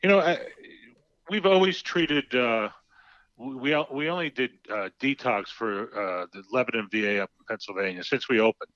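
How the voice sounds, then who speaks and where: A man guesting on a talk radio show, his voice bright and forceful. He talks in a loose, teasing way, stumbling and repeating words. The sound is a bit dull and lo-fi, and the room is dry. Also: medium pitch, moderate pace, no room sound. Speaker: treatment center executive, guest. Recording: slightly muffled lo-fi sound.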